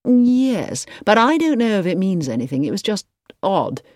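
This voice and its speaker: A woman's voice: mid-range voice, big pitch swings, moderate pace, darkish tone, no room sound, clean studio sound, natural voice. A woman reading the part of an earnest, lovestruck young man in an audiobook, speaking in an earnest, pleading way. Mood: unsure. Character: earnest young man in love, easily worried.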